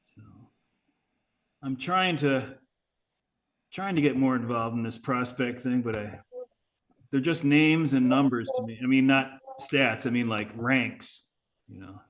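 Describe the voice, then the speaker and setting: A man's voice: mid-range voice, unhurried, pauses often. A man on a casual podcast, easygoing as he brings up a new topic. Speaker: podcast co-host. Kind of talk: casual chat.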